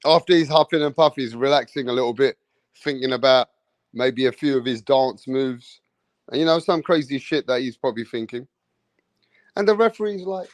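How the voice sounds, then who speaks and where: Brief: higher-voiced male live-stream fight commentator, mocking and profane, dry close mic. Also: moderate pace, long pauses, no echo. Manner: animated, profane, mocking, street slang. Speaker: boxing commentator.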